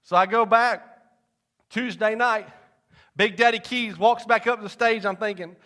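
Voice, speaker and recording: A young man, preaching a folksy personal testimony that swings from loud to hushed. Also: high-pitched, fairly even intonation, moderate pace. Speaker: pastor. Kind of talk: sermon testimony.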